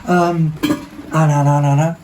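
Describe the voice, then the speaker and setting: Rambling, excitable man chatting. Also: fairly high pitch, measured pace, a little hiss or hum. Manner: rambling and excitable, many ums and self-corrections. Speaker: vlog host. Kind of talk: casual chat showing second-hand finds.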